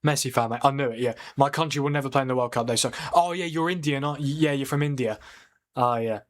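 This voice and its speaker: He speaks quickly at a medium pitch, a streamer hosting a live watchalong of a football match. Comments from viewers get read out and answered in a chatty way, and incidents on the field draw excitable reactions.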